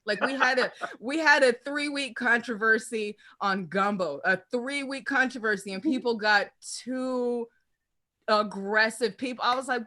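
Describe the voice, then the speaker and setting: A woman performing a brash, profane stand-up comedy set with animated storytelling. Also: a little high, normal speed.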